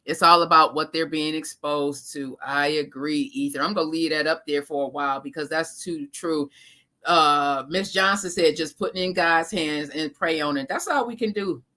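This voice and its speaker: Bright-voiced woman chatting on a live stream. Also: low voice, moderate pace. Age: 30s. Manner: talks straight to viewers with slang, laughs often. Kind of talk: casual live-stream chat reading viewer comments.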